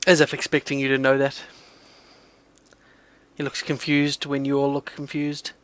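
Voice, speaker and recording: A man's voice: mid-range voice, monotone, normal speed, a bit bright, clear, resonant tone, no room sound. A man, narrating a tabletop game as game master in a casual way with many fillers.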